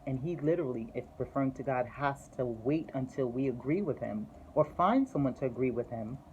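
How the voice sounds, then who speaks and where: A woman's voice: very deep voice, dark tone, slight background noise, low-quality recording. A woman telling a personal faith testimony in an earnest, conversational storytelling way. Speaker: testimony speaker.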